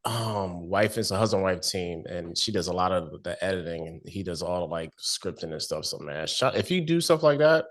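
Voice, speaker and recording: A man's voice: sits low, expressive, moderate pace, hardly any pauses. A man co-hosting a casual review chat, laid-back and slangy, laughing often. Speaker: podcast co-host.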